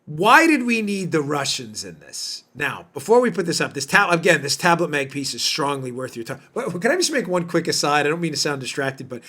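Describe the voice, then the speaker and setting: A man's voice: a little high, sing-song, brisk, hardly any pauses, pushed and bright. A man hosting a political podcast, talking in an emphatic, indignant way with lots of rhetorical questions. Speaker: podcast host. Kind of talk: political commentary monologue.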